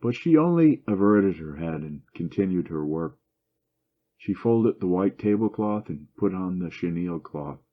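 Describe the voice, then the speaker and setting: A man reading a classic short story aloud in steady, even narration. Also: sits low, normal speed. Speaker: story reader. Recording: dull lo-fi recording.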